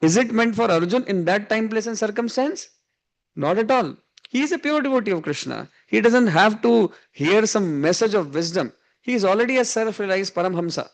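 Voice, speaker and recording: Man, Indian English accent, high voice, gravelly, chuckling storyteller, spiritual class. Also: fairly quick. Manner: chuckling, animated, mixes in Hindi words. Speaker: spiritual teacher. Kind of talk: storytelling sermon. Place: evening class.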